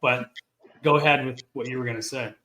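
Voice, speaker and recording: A man hosting an interview, asking questions in a measured, hesitant way with fillers. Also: medium pitch, steady tone, pushed and bright, roomy sound, rough recording. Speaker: interview host.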